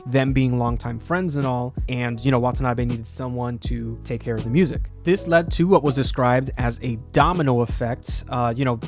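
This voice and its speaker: Casual male host, loose and rambling, soft music bed behind. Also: mid-range voice, normal speed, hardly any pauses. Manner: rambling, lots of "you know" fillers. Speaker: music video essay host. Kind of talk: casual talk about music.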